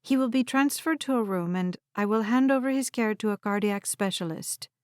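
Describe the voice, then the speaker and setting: A woman voicing a calm, formal female hospital doctor who speaks quietly and in a measured way. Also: a little high, no room sound, studio quality, close to an everyday voice.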